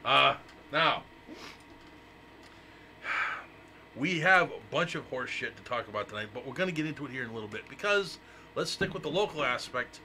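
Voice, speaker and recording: A man hosting a live internet radio talk show, teasing his co-host in loud, joking, profane banter. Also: mid-range voice, expressive, moderate pace, long pauses, a little hiss or hum.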